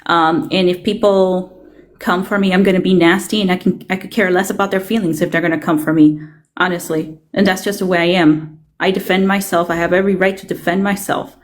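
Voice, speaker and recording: A woman's voice: on the low side, steady tone, a little fast. A woman speaking as a livestream guest, blunt and defensive with many ums. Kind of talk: casual chat.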